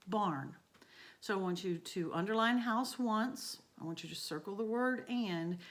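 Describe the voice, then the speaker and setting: A woman's voice: on the low side, a bit bright. A woman teacher, walking students through a grammar lesson by asking and answering her own questions. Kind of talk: recorded remote grammar lesson.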